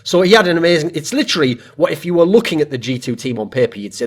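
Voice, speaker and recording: Husky guy hosting a podcast, voice jumps all over, rambly casual chat. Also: a little high, very fast. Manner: animated, rambling analysis. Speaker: podcast co-host.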